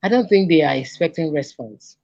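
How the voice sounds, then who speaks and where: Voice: mid-range voice, animated, brisk, gravelly, darkish tone, no room sound. A guest counselor, giving earnest advice in conversation and stressing repeated warnings. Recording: dull lo-fi dry recording.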